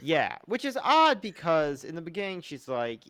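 A man co-hosting a casual podcast, rambling and joking, often slipping into loud comic impressions. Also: on the high side, very animated, moderate pace, dry recording. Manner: rambling, jokey, slips into loud comic voices. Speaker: podcast co-host. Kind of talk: casual chat reviewing a TV show.

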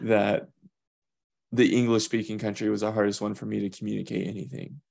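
A man's voice: lowish voice, little pitch movement, fairly quick, gravelly, a little mellow. A man co-hosting a podcast in casual chat, thinking aloud in long winding asides. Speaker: podcast co-host.

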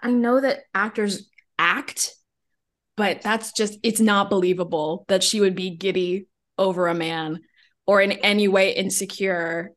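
A woman's voice: mid-range voice, fairly even intonation, unhurried. A woman co-hosting a podcast, recapping a film in casual chat with blunt jokes and frequent laughter. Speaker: podcast co-host.

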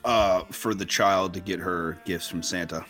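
Brief: young male podcast co-host, lower voice, loose rambling storyteller who laughs a lot. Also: steady tone, measured pace, fairly bright tone, faint music behind. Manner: rambling, self-interrupting, laughs often. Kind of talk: casual chat, storytelling.

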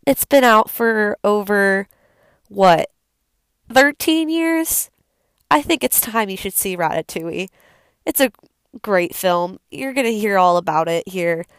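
Chatty young woman with vocal fry. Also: fairly high pitch, no room sound, clean studio sound. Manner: rambling, chatty, many fillers. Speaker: video host. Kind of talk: casual unscripted film talk.

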